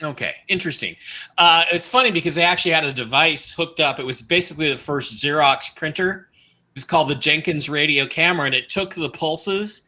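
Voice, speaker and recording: Man, talk show host, sarcastic, profane, very bright tone, slightly high pitch. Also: a little fast. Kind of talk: casual talk show banter.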